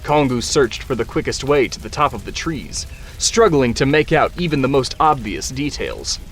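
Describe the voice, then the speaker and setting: A man giving measured, scripted narration of an action scene. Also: mid-range voice, animated, fairly bright tone. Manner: measured and descriptive.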